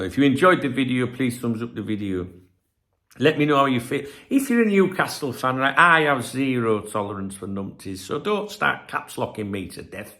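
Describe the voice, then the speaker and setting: Gravelly tired man ranting. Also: medium pitch, fairly bright tone. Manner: sweary, blunt, exasperated. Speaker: football channel host. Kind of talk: late-night ranting vlog.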